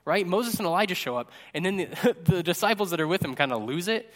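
A man's voice: sits high, animated, fast, a bit bright. A male pastor giving a casual, joking sermon at a church service into a microphone, often checking in with "right?". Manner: chatty and jokey, tags lines with "right?".

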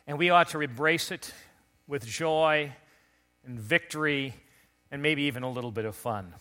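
A middle-aged man, a pastor, preaching an earnest Easter sermon to his congregation, recovering from a recent illness and building to loud emphatic calls. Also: on the high side, moderate pace.

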